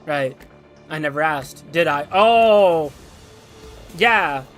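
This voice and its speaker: A young male streamer reading a game story out loud and reacting with excitement. His voice is high and bright, with faint music behind him. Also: extremely slow.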